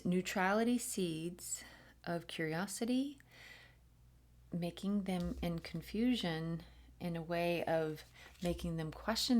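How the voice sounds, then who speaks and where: A woman giving a channeled spiritual reading, playful and giggly, often dropping into soft whispers. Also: on the low side. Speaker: spiritual reader.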